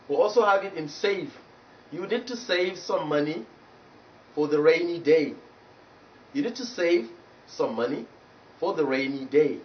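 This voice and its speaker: A man with a Nigerian English accent teaching pronunciation on television, slowly repeating words as he drills them. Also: fairly high pitch, animated. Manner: slow, repetitive drilling of words. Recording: dull distant TV studio sound, faint hiss.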